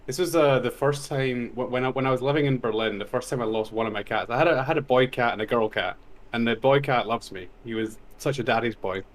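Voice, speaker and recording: A man in a relaxed conversation who rambles through a story with restarts and casual swearing. He laughs easily at his own anecdotes, his voice sitting at an ordinary middle pitch. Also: fast talker. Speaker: podcast host. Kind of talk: casual chat.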